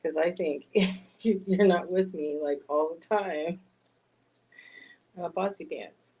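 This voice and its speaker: A woman's voice: fairly low pitch, takes it slowly, darkish tone, husky, rough recording. A woman speaking as a spoiled bossy old Yorkie. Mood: playfully bossy. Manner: bratty, self-important, teasing. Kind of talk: live-stream chat.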